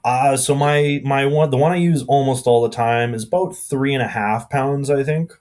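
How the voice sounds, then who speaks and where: A man's voice: mid-range voice, moderate pace, darkish tone. A man with a Canadian accent, a blacksmith guest chatting casually and rambling with lots of fillers on a podcast. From Alberta, Canada.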